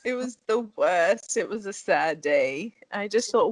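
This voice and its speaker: A woman's voice: medium pitch, expressive, measured pace, dry recording. A woman guesting on a podcast in casual chat, playful and laughing often.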